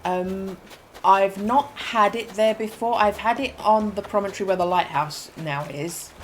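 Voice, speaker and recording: A woman in her fifties from Essex, with an Essex English accent softened by her mother's corrections. She chats casually as she plays a game, thinking aloud with ums and quick self-corrections. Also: medium pitch, a little hiss or hum, rough recording. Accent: Essex English, softened by parental correction. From England, Essex. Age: 50s. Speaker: game streamer. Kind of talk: casual gameplay commentary.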